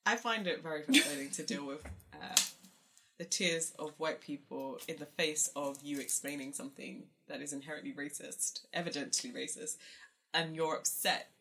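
A woman's voice: sits low, normal speed, bright, forceful tone. A woman hosting a casual conversation, reflective and frank. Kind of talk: casual chat.

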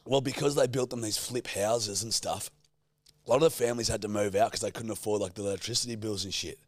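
A man with a lowish voice co-hosts a comedy podcast, laughing often and tossing out prompts and quick suggestions in animated, casual banter. The sound is clean studio audio with no room sound.

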